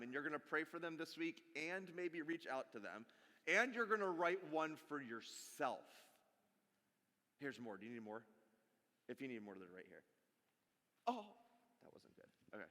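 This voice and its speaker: A man in his forties giving a sermon as a pastor, animated and jokey, talking straight to the congregation. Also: on the high side. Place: church sanctuary. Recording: long hall reverb.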